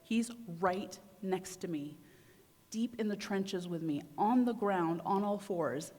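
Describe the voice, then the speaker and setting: Long hall reverb trails this young adult woman's conference talk, where she shares a personal story and acts out her inner voice with feeling. She speaks slowly and expressively, her voice medium in pitch and dark in tone.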